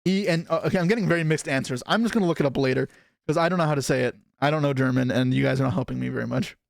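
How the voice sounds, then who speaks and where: A man's voice: medium pitch, gravelly, no echo, studio quality. A young man chatting casually on a live stream as he opens trading card packs and answers his chat. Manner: chatty, reacting to chat, quick asides.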